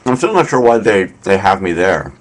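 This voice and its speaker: A man's voice: sits low, sing-song, moderate pace. A man hosting a casual live stream from his room, rambling with lots of fillers and a wry tone. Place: apartment in Tokyo.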